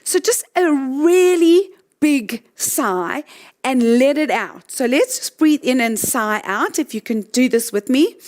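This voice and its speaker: A middle-aged woman leading a guided breathing talk, gently walking listeners through exercises. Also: high voice, animated, takes it slowly. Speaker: breathing coach.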